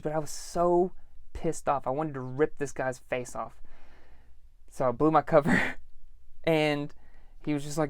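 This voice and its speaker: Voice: medium pitch, normal speed, clean tone, dry recording. Profane podcaster telling a story, dry sound. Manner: profane, animated, acts out dialogue. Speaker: podcast host. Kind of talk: casual storytelling.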